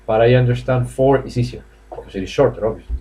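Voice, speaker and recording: Spanish-accented man, mid pitch, teaching an online English class, chatty, coaxing students. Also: quick pace, dark tone. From Spain. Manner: chatty, coaxing, laughs often, many fillers. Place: classroom or office indoors.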